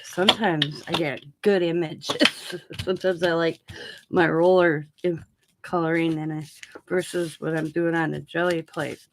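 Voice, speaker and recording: A woman's voice: low voice, steady tone, normal speed, noisy background. A woman hosting a casual crafting livestream, chatting loosely as she works and chewing gum while she talks. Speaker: craft channel host.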